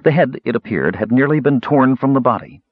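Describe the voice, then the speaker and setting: A man reading a fantasy novel aloud as an expressive audiobook narrator. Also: mid-range voice, a little fast, breathy edge, dry recording. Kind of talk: scripted narration. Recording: slightly muffled dry recording.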